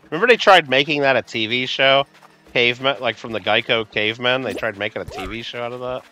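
Bright-voiced chatty streamer man. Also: medium pitch, fast talker, muffled recording, faint music behind. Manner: rambling, chatty, talks to chat by name. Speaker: livestream host. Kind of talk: casual gameplay livestream chat.

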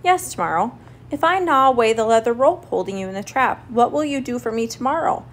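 A woman voicing a clever little male mouse in a storybook reading, calm and crafty as he bargains. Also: fairly high pitch, a little fast, pitched above the performer's own voice. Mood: bargaining.

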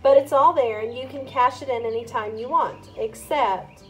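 A woman's voice: fairly high pitch, moderate pace, faint music behind, lightly acted. A woman reading the part of an adult man who patiently explains investments and apologizes. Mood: explaining.

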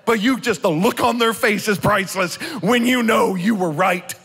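A man preaching a sermon as pastor, telling stories in an animated way and leading the congregation in call-and-response. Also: high voice, moderate pace, slightly rough, faint music behind. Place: church sanctuary. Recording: long hall reverb.

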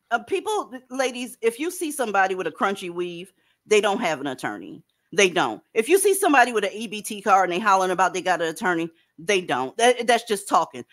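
A woman's voice: mid-range voice, fairly bright tone. A woman hosting a casual online panel chat, blunt and profane, lecturing her listeners. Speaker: panel host.

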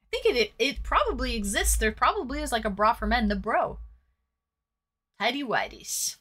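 A woman's voice: on the high side, sing-song, moderate pace, pushed and bright. A woman streaming herself painting, chatting casually, reading viewer comments aloud and cracking crude jokes. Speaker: livestreamer reading chat. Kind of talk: casual livestream chat while painting.

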